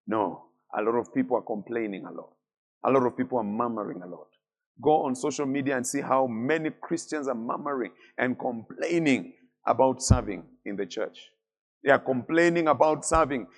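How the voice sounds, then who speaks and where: A middle-aged man preaching a sermon as a bishop, building emphasis through repeated phrases and letting key words fall low and soft at the end.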